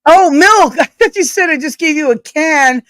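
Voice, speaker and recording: High-voiced profane woman streamer. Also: lively intonation, moderate pace, fairly bright tone, dry recording. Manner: loose, profane and jokey. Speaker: livestream co-host. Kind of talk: casual livestream chat.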